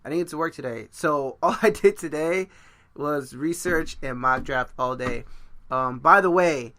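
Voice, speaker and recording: A man's voice: a little high, measured pace, pushed and bright, dry recording. A man hosting a casual podcast chat, rambling and joking at his own expense. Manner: rambling, joking and self-mocking. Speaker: podcast host.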